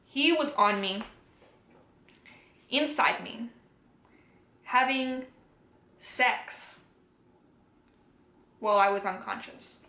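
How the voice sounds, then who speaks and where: High-voiced young woman in an echoey room. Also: drawn-out words, pauses often, sharp tone. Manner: candid, emotional, swears freely. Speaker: vlogger. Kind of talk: personal storytelling to camera.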